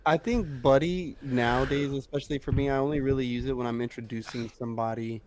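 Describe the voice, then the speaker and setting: A man at an ordinary, mid-range pitch talks in relaxed podcast chat. He sounds reflective and easygoing, peppering his speech with filler words. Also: quick pace, slight background noise. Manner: relaxed, reflective, says "like" and "bro" a lot. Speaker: podcast co-host. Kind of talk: casual chat.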